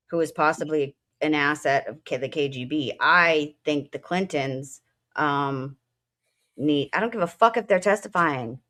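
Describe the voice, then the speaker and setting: A military veteran co-hosting a casual political talk show speaks bluntly and with feeling, her talk full of fillers and profanity. Her voice is deep yet a bit bright.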